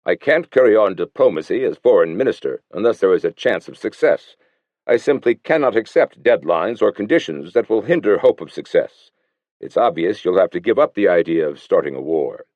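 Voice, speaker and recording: A man's voice: deep voice, lively intonation, a little fast, dry recording. A man voicing an indignant middle-aged foreign minister who protests firmly. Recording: slightly muffled dry recording.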